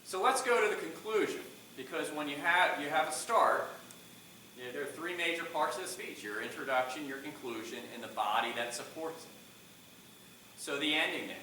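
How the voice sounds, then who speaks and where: A man's voice: fairly high pitch, normal speed, bright, forceful tone, a little hiss or hum. A middle-aged man teaching a public speaking class, questioning the students and shifting his volume often. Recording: echoey classroom from far off.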